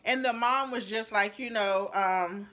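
A woman telling a story to her viewers in a casual storytime vlog, animated and talking straight to them. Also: mid-range voice, measured pace. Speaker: storyteller vlogger.

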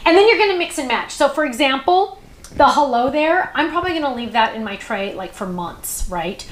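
A woman's voice: high-pitched, animated, fairly quick, echoey room. Chatty woman hosting a craft show. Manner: chatty, rambling storyteller with many fillers. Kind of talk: casual chat on a live craft show.

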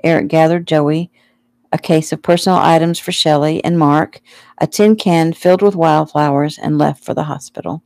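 Woman reading her own book at home, low mellow voice, dry sound, laid back. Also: gravelly, no room sound. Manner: relaxed, unhurried. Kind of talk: casual audiobook narration.

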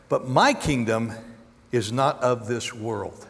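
A man preaching a sermon as a pastor, animated, acting out quotes with sudden jumps in pitch. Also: takes it slowly, vocal fry. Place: large church auditorium. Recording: long hall reverb.

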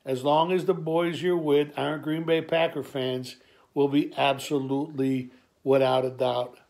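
A man with a gravelly voice, telling an improvised comic story in a rambling, folksy way, full of halting restarts. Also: on the high side, little pitch movement, a little mellow. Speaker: improv monologuist. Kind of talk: improvised comedic monologue.

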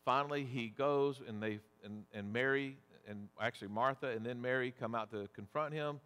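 A man preaching a sermon as pastor, deliberate and measured, asking rhetorical questions. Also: mid-range voice, a bit bright, clear, resonant tone. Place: church sanctuary. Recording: long church reverb.

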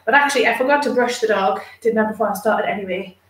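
A fairly high-voiced woman chats casually to her viewers while grooming her dog, slipping into cooing baby talk for the dog. She sits back from the mic in a roomy space. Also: fast, recorded from a distance. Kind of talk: casual live chat with viewers.

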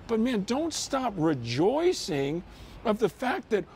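High-pitched guy pastor talking to his church on video, earnest, loose and chatty, little bit of noise in the back. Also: very animated, slow, darkish tone. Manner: earnest, conversational, frequent "you know" and "man". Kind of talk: casual video message to a church.

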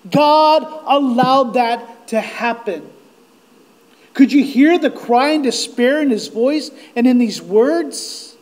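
A man preaching at a slow, deliberate pace in a strikingly high voice. He speaks earnestly and directly to his congregation as their pastor. At emotional peaks he rises almost to a shout. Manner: impassioned, rising to near-shouts on quoted cries; earnest, direct address to listeners. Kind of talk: sermon.

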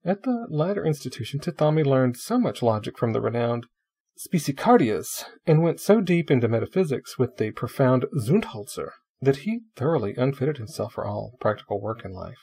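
A man reading a classic short story aloud with expressive, dramatic storytelling. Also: medium pitch, moderate pace, breathy edge. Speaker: narrator.

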